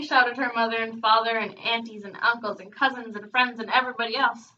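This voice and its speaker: A woman reading a children's book aloud, expressive, breaking off now and then for casual chatty asides. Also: a little high, normal speed, few pauses. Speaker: reader hosting a read-aloud channel. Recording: dull, distant home recording.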